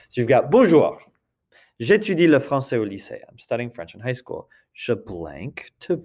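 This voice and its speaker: Male French teacher, low gravelly voice, patient step-by-step explaining. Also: darkish tone. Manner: explains step by step, often checks with "d'accord?". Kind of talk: recorded lesson walkthrough.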